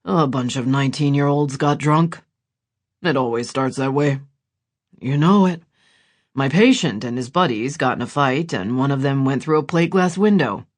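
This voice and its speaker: A man's voice: medium pitch, moderate pace, lightly acted. A man voicing Gabriel, a dry, grumbling doctor and younger brother, in an audiobook.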